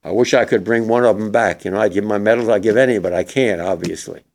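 An older war veteran giving an emotional, halting memorial speech to young people in a hall. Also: male voice, lowish voice, a little mellow.

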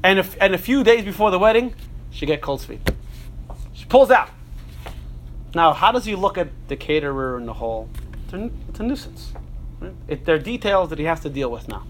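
A middle-aged man teaching a Torah class to a group, animated, repeating phrases and throwing rhetorical questions at his listeners. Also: a little high, slight background noise. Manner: repeats and restarts phrases while thinking.

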